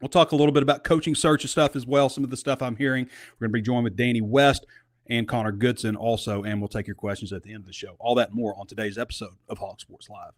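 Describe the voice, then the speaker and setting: A man's voice: medium pitch, little pitch movement, fast, a little hiss or hum. A man hosting a casual sports talk show, talking in a conversational, rambling way with asides.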